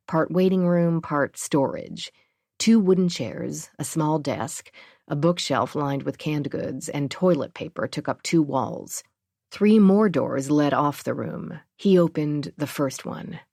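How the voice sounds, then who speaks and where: A woman narrating a thriller audiobook in a measured, even way. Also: sits low, creaky, no echo, clean studio sound.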